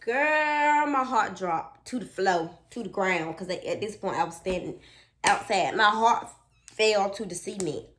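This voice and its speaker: Woman, storytime vlogger, animated, dramatic, chatty, casual. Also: on the low side, normal speed. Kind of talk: storytime vlog.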